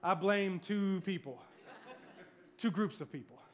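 A middle-aged man preaching a sermon to a church congregation, telling stories in an animated, comic way. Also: high voice, a little slow. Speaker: pastor. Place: church service before a congregation.

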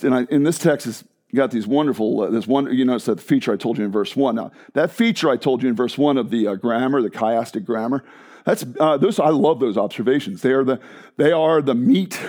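A man preaching a sermon, moving between loud emphatic proclamation and low hushed tones, with excited conversational asides to the congregation. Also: fairly quick. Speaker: pastor.

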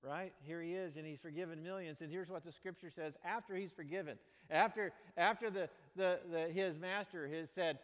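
A man preaching in a large church with a fairly high voice, his words trailing into a long hall reverb. He moves between bright, emphatic bursts and low, earnest stretches as he preaches. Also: normal speed, hardly any pauses. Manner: animated preaching with sudden loud exclamations and drops to quiet. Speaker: pastor. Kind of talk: sermon.

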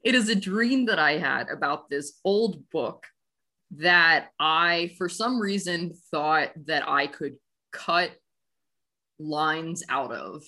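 Low-voiced woman podcast co-host, playful. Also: slow pace, pushed and bright. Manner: playful storyteller, self-correcting. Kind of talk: casual podcast chat.

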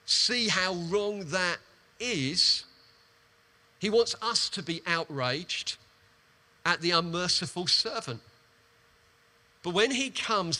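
A preacher delivers his sermon in a high, ringing voice with a bright, cutting edge. He retells a parable as animated storytelling, often doubling his words in quick, emphatic repetitions to drive a point home.

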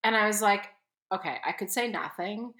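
A woman co-hosting a podcast, telling a story in a casual, animated way and acting out the people in it. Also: medium pitch, moderate pace, roomy sound. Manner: animated, quotes people with exaggerated voices. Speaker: podcast co-host.

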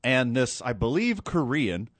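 A man hosting a podcast in casual chat, animated and joking, drifting into asides. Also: medium pitch, measured pace, no echo. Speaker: podcast host.

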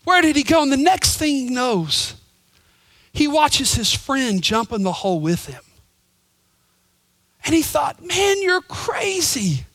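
A male pastor preaching a sermon, telling stories and swinging from loud emphasis to hushed whispers. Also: very high-pitched, big pitch swings, measured pace, long pauses, no echo. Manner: storytelling with voices.

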